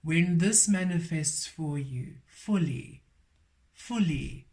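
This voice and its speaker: Guy doing a tarot reading, kinda high voice, talks slow, says stuff over and over for emphasis. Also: animated, darkish tone. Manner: emphatic, repeats affirmations. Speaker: tarot reader. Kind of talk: spiritual card reading.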